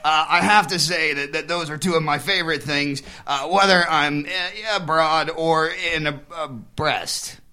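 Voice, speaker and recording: A man's voice: fairly high pitch, unhurried, few pauses, sharp tone. A man voicing a crude, wisecracking male puppet guest who makes bawdy puns in a comedy interview. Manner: bawdy punning showman.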